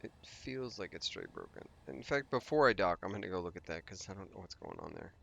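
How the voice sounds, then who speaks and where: A man's voice: sits low, wildly swooping pitch, fairly quick, creaky, a bit bright, a little hiss or hum. A man hosting a let's play, giving casual gameplay commentary and thinking aloud as he rambles through his plans with restarts and asides.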